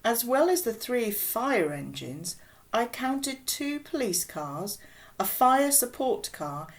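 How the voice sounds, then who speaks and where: A woman reading a children's novel aloud with expressive, unhurried storybook narration. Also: on the high side. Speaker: audiobook reader.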